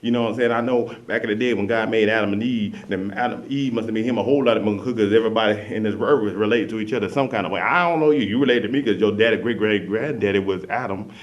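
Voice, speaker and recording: A man's voice: lowish voice, quick pace, hardly any pauses. A young man from Dayton, Ohio, delivering a boastful, rambling comic monologue to camera. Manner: boastful, rambling, talks to the ladies. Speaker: comic host.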